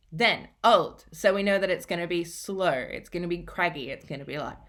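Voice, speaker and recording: Female teacher, lower register, patient explainer for a recorded reading lesson. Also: brisk, hardly any pauses, fairly bright tone. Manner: patient, explanatory, repeats key points.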